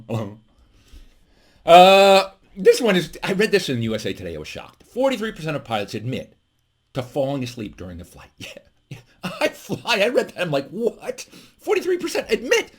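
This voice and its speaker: A middle-aged man doing a stand-up comedy monologue as host from his home office, animated with mock-defensive asides. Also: fairly high pitch.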